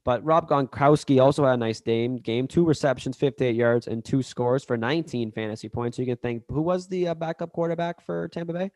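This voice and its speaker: A playful man in a casual sports chat, tossing in slang jokes between lists of game stats. His pitch is ordinary and middling. The recording is close and dry. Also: a little fast, few pauses, darkish tone, no echo. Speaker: podcast co-host.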